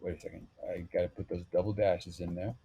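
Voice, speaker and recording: Guy w a deep mellow voice doing a laid back coding tutorial, lots of ums n okays. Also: fast talker, husky. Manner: relaxed step-by-step talk with fillers. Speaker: web developer tutorial host. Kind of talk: screen-recorded coding tutorial.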